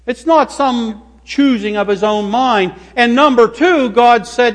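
A pastor in a church sanctuary delivers a sermon with a high, light man's voice. He speaks slowly and deliberately, leaning hard on single words. A long reverb tail from the hall hangs after each phrase. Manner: slow, emphatic preaching, stressing single words.

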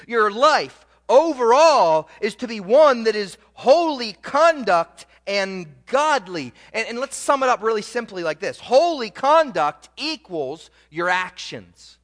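A man preaching a sermon as pastor, moving between loud, emphatic proclaiming and quiet, low asides to the congregation. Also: very animated, measured pace, few pauses. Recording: long reverb of a church hall.

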